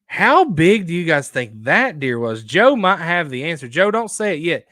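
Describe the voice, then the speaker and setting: A man hosting a casual outdoors live stream, rambling and excitable as he reacts to viewer photos. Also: on the high side, moderate pace, dry recording, clean studio sound. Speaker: outdoors show host.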